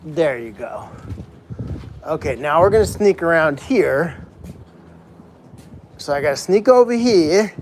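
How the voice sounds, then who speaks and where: The voice is a man's, fairly high in pitch yet darkish in tone, expressive and slow, pausing often, with a little hiss or hum present. Alone and moving about the outdoor pig pens of an animal sanctuary, he chats to a live stream and calls the pigs in a sing-song way as he works.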